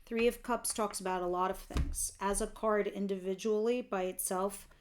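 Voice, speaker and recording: A woman's voice: medium pitch, steady tone, moderate pace, noisy background. A woman giving a casual tarot reading, chatty and candid, who laughs easily and swears now and then. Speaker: tarot reader.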